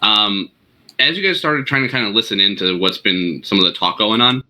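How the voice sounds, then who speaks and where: A man running a tabletop game as game master, narrating scenes in a relaxed, unhurried way. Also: lowish voice, low-quality recording.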